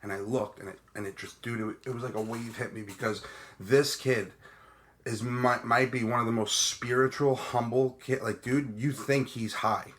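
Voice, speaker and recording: A man with a Long Island accent, speaking in a bright, forceful voice. He tells stories with animated energy and peppers them with "bro" and "dude" as he co-hosts a casual podcast chat. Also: medium pitch, moderate pace. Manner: animated storyteller, says "bro" and "dude" often. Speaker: podcast co-host.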